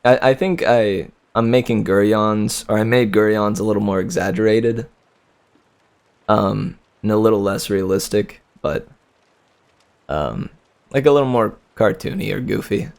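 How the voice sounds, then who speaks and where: Streaming his reading of a book, a man speaks at a measured pace in a lowish, slightly mellow voice with vocal fry. He breaks away now and then to chat casually with his audience, thinking out loud and chuckling a lot.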